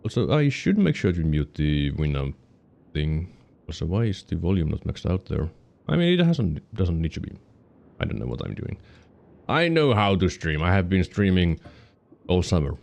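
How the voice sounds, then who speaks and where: Streaming a game, a Finnish-accented man offers casual commentary, wandering off and correcting himself as he explains how things work, with the odd hiccup. His low voice has a sing-song lilt and some vocal fry, sounds a little mellow, and moves at a moderate pace.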